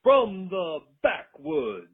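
A grandiose wrestling ring announcer, put on by a man, pitched high and swooping wildly between highs and lows. He stretches every word out very slowly. The sound is thin and tinny, like it came down a phone line. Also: huge pitch swings, exaggerated voice.

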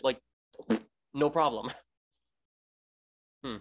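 A man's voice: mid-range voice, steady tone, slow pace, dull audio. A Canadian man hosting a casual interview, rambling with many restarts. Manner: rambling, many restarts, acts out quoted greetings. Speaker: podcast host.

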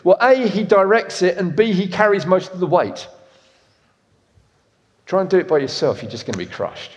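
A man in his fifties preaching a sermon, swinging from loud emphatic lines to soft, intimate ones. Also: sits high, lively intonation, moderate pace. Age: 50s. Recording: echoey hall reverb.

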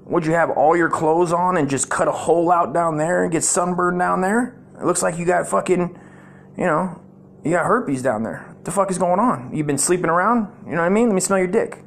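A brash, accusing girlfriend, put on by a man telling a story in a raised, shrill voice. She fires off crude, profane questions. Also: brisk, creaky.

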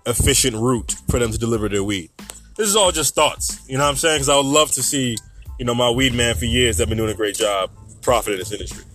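A man's voice: medium pitch, fairly bright tone. A young man hosting a solo podcast, talking casually and rambling through his thoughts with asides. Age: young adult. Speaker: podcast host.

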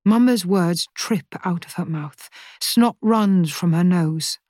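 A woman reading a novel aloud in a measured, even narration. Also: lowish voice, no echo, clean studio sound. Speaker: audiobook narrator. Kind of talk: scripted narration.

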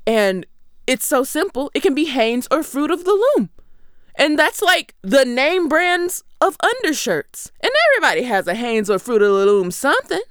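A woman's voice: high-pitched, very animated, moderate pace, no room sound, studio quality. A woman in her twenties from Michigan, giving a sarcastic, conversational comedy monologue. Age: 20s. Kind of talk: comedic monologue about song lyrics.

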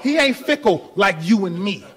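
A male pastor preaching a sermon, building from quiet talk to shouted appeals with laughter in between. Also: high-pitched, animated, normal speed, slightly rough. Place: church.

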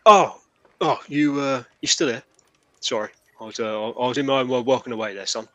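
Man putting on a gruff goat-man blacksmith. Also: medium pitch, fairly quick, sharp tone, dry recording, natural voice.

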